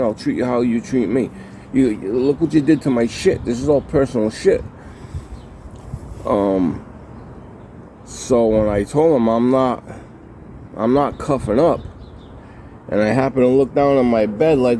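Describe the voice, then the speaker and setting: A man's voice: mid-range voice, unhurried, long pauses, mellow, a little hiss or hum. A man recounting his time in prison in a heated, profane way, repeating himself and acting out what people said. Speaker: former prisoner telling his story. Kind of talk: casual storytelling to camera.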